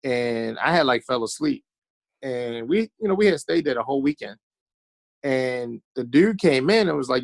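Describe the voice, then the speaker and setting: A man's voice: medium pitch, expressive, normal speed, vocal fry, dry recording. A man from Baltimore, a podcast guest telling blunt, profane stories in casual chat and acting out the quotes.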